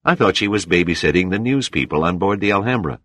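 A man's voice: low voice, animated, fast, a bit bright, no echo, pitched above the performer's own voice. A man voicing a sarcastic, suspicious character in an audiobook. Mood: caustic. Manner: caustic and sarcastic.

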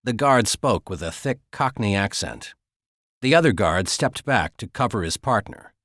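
A man narrating a thriller audiobook in a steady, measured storytelling voice. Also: on the low side, no echo, studio quality. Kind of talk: scripted narration.

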